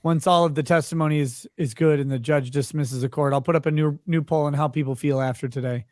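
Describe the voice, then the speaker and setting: A man's voice: a little high, fairly even intonation, fast, a little mellow, dry recording, clean studio sound. Man chatting wryly on a live stream. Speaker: legal commentary host. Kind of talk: casual live-stream chat.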